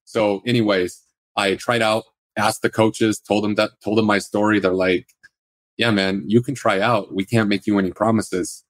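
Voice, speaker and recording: Deep, flat-voiced man telling his story. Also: moderate pace, no room sound. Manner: steady, plainspoken recounting. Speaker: podcast guest, former pro football player. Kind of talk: casual storytelling interview.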